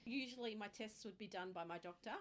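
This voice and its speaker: A woman's voice: mid-range voice, brisk, a little hiss or hum. A woman chatting casually, telling blunt, candid stories with crude humor. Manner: frank, candid storytelling with crude humor and lots of laughter. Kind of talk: casual chat.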